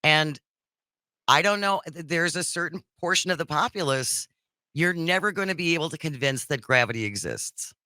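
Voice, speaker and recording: A woman co-hosting a call-in radio talk show, lively and opinionated, quick to laugh. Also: sits low, no echo, studio quality.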